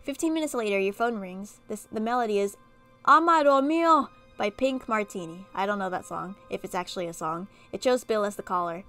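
A woman reading an interactive horror story game aloud and breaking off for animated, chatty reactions. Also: medium pitch, fairly quick, soft background music. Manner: animated, chatty asides between narration. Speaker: gaming video creator.

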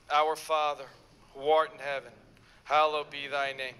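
A man's voice: a little high, little pitch movement, a little slow, pushed and bright, clear, resonant tone, in a large hall, poor audio. A man officiating a wedding ceremony in a formal, solemn manner and leading a prayer.

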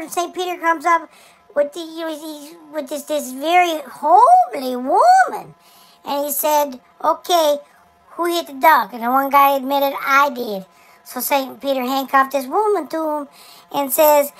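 A man's voice: extremely high pitch, a bit bright, full character voice, rough recording. A man voicing Dexter, a chatty boy character who tells a long folksy joke with stumbles and restarts. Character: chatty high-voiced boy named Dexter telling jokes. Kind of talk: comic storytelling to camera.

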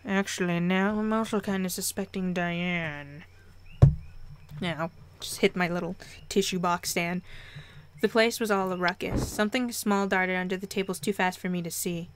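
A young woman reading a visual novel aloud and commenting as she plays, expressive and quick to react. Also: lowish voice, slight background noise. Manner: expressive, reads narration and reacts with excited squeals. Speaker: let's play host.

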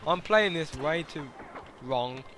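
A young man doing excitable gameplay commentary, laughing often and shouting at the game. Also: on the high side, slow pace, faint music behind. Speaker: gaming YouTuber.

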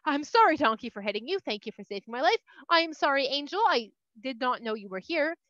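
A woman's voice: sits high, animated, a little fast, no echo, lo-fi sound. A woman doing a hot-tempered prophet. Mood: casual. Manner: shouting and scolding in bursts. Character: hot-tempered male prophet riding a donkey.

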